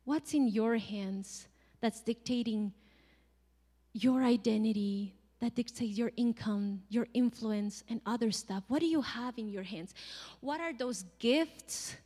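A woman giving a sermon in a conversational, animated way, acting out quotes and laughing now and then. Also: fairly high pitch, unhurried, long reverb tail. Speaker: preacher.

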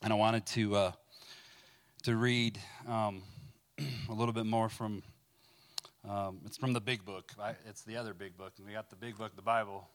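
A man sharing a personal recovery testimony, speaking haltingly with fillers and repeated words, then reading scripture aloud with rising fervor. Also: on the low side, level tone.

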